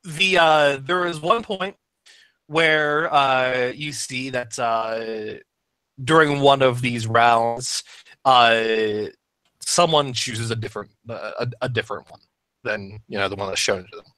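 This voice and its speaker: A man running a tabletop game as game master, pausing often with fillers. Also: mid-range voice, sharp tone, clean tone, dry recording. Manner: halting, many fillers. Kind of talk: narrating a tabletop game over voice chat.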